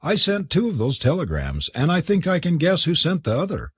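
A husky-voiced man reading aloud, voicing a young gentleman who speaks in an earnest, apologetic, formal manner. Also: fairly high pitch, huge pitch swings, fairly quick, no echo, clean studio sound, voice pushed up, heavily acted. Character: embarrassed young American gentleman.

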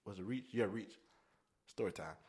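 A man hosting a casual podcast chat, telling stories in an animated way and acting out quoted voices. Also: lowish voice, normal speed. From Puerto Rican. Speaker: podcast host. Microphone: podcast microphone.

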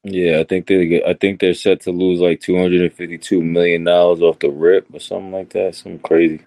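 A man's voice: low-pitched, flat delivery, a little fast, mellow, dry recording. A man co-hosting a radio show from a studio, chiming in with laid-back casual banter. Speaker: radio co-host.

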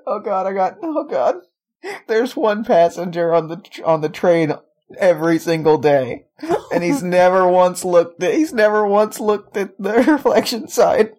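A woman's voice: lowish voice, lively intonation, unhurried, a little mellow. A woman co-hosting a comedy podcast, giggling and riffing along in improvised worldbuilding. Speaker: podcast co-host.

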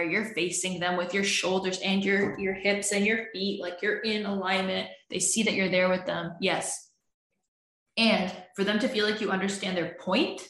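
In an echoey room, a relationship coach with a medium-pitched, fairly bright voice gives an advice podcast monologue. She's earnest and explanatory about communication, playing out what partners say to each other during arguments.

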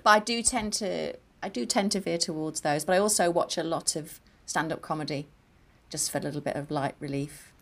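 Northern english woman, a bit low, chatty, laughs a lot telling stories. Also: a little fast. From northern England. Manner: chatty, laughs often, animated storytelling. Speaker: guest actress. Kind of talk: casual interview anecdotes.

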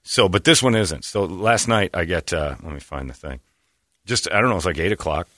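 A man hosting a talk show, telling stories in casual, animated chat. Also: low voice, a little fast, no room sound, studio quality. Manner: animated, self-amused storyteller who slips into quoted voices. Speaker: radio show host.

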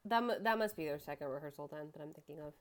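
A woman's voice: low-pitched, animated, racing. A woman co-hosting a podcast, chatting casually about a TV episode with wry, teasing comments. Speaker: podcast co-host. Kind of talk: casual chat recapping a TV episode.

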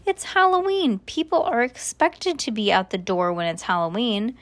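A woman's voice: fairly high pitch, sing-song, moderate pace. A woman voicing a stern, grumpy older woman who speaks in a brusque, disapproving way in a storybook reading. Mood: disdainful.

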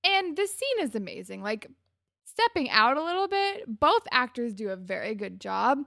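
A woman's voice: on the high side, sing-song, normal speed, gravelly, sharp tone, no room sound, clean studio sound. A young woman co-hosting a podcast, telling chatty, self-mocking stories while recapping a show. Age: young adult. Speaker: podcast co-host. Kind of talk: casual recap chat.

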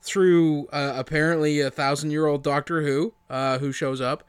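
A Canadian man co-hosting a comedy movie podcast, tossing in wry pop-culture quips with some halting restarts. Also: fairly high pitch, fairly even intonation, clear, resonant tone, no room sound, studio quality. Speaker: podcast co-host. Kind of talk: casual comedic movie review.

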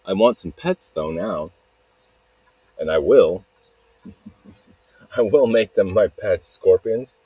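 Male podcast host, low husky voice, rambling profane monologue, dry close sound. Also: animated, slow, pauses often, dark tone, no echo, rough recording. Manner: rambling, profane, self-interrupting. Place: outdoors.

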